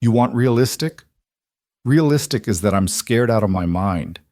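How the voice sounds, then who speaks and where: A man voicing a huge, gentle cowboy who is frightened for the woman he loves, speaking roughly and from the heart, in a storybook reading. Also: mid-range voice, expressive, normal speed, no echo, clean studio sound, natural voice. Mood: heartfelt.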